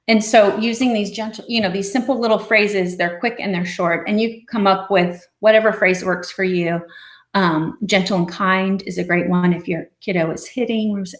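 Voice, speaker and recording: A middle-aged woman, a family therapist, giving a parenting talk in a gentle, encouraging way, sometimes acting out short exchanges with a child. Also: medium pitch, fairly even intonation, normal speed. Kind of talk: presentation with slides.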